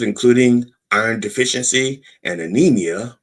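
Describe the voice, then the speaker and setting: A man as a middle-aged podcast host with a low, slightly husky voice that rises and falls in wide, lively swings. He reads news aloud, then breaks off into profane, sarcastic asides with a mock-preacher flair. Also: measured pace. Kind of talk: irreverent satirical commentary.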